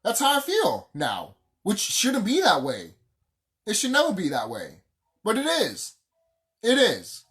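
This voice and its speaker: A vlogger in the middle of an unscripted rant, with a voice that leaps high and drops low as each point lands. The talk is heated and profane, and the speaker hammers lines home by repeating them. The pitch sits in an ordinary middle range. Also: wildly swooping pitch, unhurried, a bit bright. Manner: profane, heated and emphatic, repeats phrases for stress.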